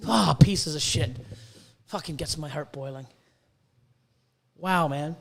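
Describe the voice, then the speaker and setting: His voice is a little high and gravelly, and he takes his time. This Canadian man hosts a podcast where he rants casually, getting worked up and profane, with stammered restarts and repeated words.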